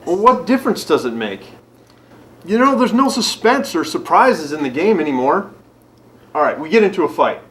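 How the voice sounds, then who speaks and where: A man's voice: on the high side, sing-song, moderate pace, a bit bright, slight background noise. An actor playing a breezy, boastful young male gamer. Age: young adult. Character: cocky young male gamer, ladies' man.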